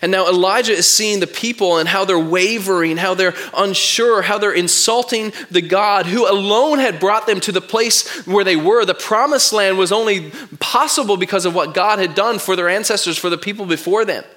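A male pastor delivering a sermon with a high, bright, forceful voice. He tells the story expressively and reads scripture aloud to his listeners. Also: normal speed, few pauses.

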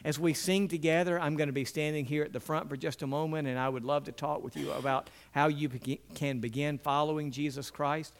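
A middle-aged male pastor preaching a sermon in an earnest way, sometimes voicing biblical characters with lively pitch and dropping low and quiet for emphasis. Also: brisk, few pauses, a little hiss or hum.

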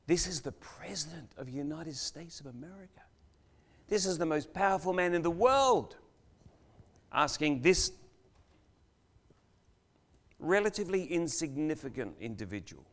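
An older man delivers a sermon in a church, spinning a story with dramatic pauses. His voice swells loud on questions and falls to a near whisper on key lines. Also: on the high side, lively intonation. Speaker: guest preacher.

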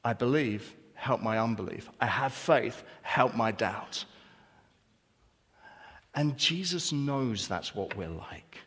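A man's voice: medium pitch, expressive, slow, long pauses, a bit bright, breathy edge. A man preaching a sermon as pastor, earnest, with rhetorical questions and repetition. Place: church hall. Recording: long church reverb.

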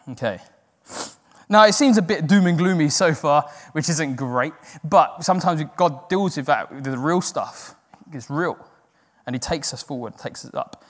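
A man preaches in a loose, chatty way, joking with his congregation while staying earnest about faith. His voice sits a little high for a man, and it rings out with a long reverb in a large church hall. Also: sing-song, moderate pace. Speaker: church speaker. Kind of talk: informal sermon.

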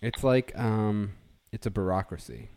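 A man's voice: on the low side, a little slow, darkish tone, smooth, no room sound, studio quality. A man hosting a podcast, chatting casually and jokily as he recaps a sitcom episode, rambling with fillers. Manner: rambling, jokey, with many fillers. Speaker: podcast host.

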